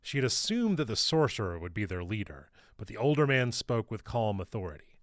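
A man reading his own novel aloud in steady, measured audiobook narration. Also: fairly low pitch, no echo, studio quality.

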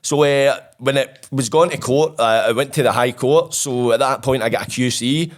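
A man's voice: mid-range voice, normal speed. A Scottish man telling his own story as an interview guest, blunt and profane, acting out old conversations.

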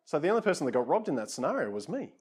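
A man's voice: a little high, big pitch swings, racing, darkish tone, slightly rough. A man preaching a conversational sermon, casual and self-deprecating, with frequent asides to his listeners.

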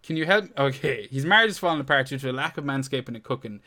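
A man's voice: mid-range voice, expressive, fast, bright, forceful tone. A man co-hosting a casual podcast chat, reading out listener questions, joking and swearing freely. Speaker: podcast co-host.

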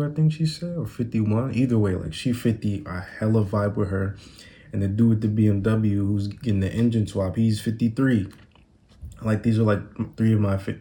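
A young man talks in a loose, rambling way, full of slang, like he is just chatting with a friend. His voice sits low and mellow. The sound is picked up on a phone. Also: gravelly. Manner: laid-back, rambling slang-heavy storytelling. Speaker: podcast host. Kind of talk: casual solo monologue. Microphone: phone recording.

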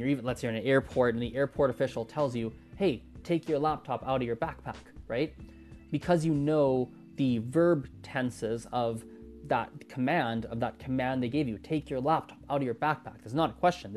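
This man, a creator of language-learning content, has a medium-pitched, slightly mellow voice. He muses on language learning in a casual, loose monologue, thinking aloud with lots of restarts and fillers.

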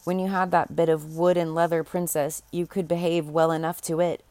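A woman voicing a bold, sharp-tongued fairy godmother who scolds the court briskly, read as part of a storybook. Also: low voice, flat delivery, no echo. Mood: scolding.

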